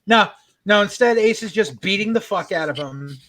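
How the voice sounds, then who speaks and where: Guy with a high bright voice, swearing a lot, ranting fast about a tv episode. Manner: profane, animated retelling with acted-out quotes. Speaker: podcast co-host. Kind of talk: casual recap rant.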